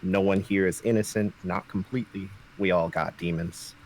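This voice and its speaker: A man's voice: sits low, fairly even intonation, moderate pace, a little mellow, low-quality recording. A man playing a world-weary saloon bartender in a drawling, folksy Western manner. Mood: gloomy. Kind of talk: improvised role-play.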